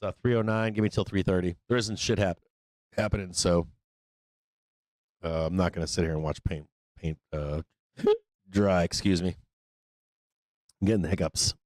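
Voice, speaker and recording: A deep-voiced man hosting a live market stream, talking off the cuff with plenty of swearing and "like" and "uh." His voice sits close and dry, with no room sound around it. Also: fairly even intonation, fast talker, a little mellow, dry recording. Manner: loose, profane, rambling with fillers. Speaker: trading show host.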